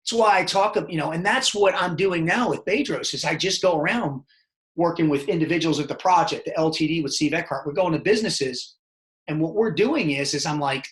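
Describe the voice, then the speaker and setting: A man's voice: fairly high pitch, fairly quick. A middle-aged man, telling rambling, profane stories as a podcast guest. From Baltimore, Maryland. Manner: profane, rambling, animated storytelling. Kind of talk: casual storytelling interview.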